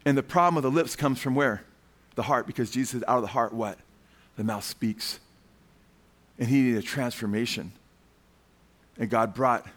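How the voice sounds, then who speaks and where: A male preacher giving a fervent sermon. He keeps calling his listeners "man" and puts questions to the crowd. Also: mid-range voice.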